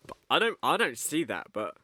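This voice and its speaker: A man chatting as a podcast guest in an animated, light-hearted way. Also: fairly high pitch, moderate pace, no room sound.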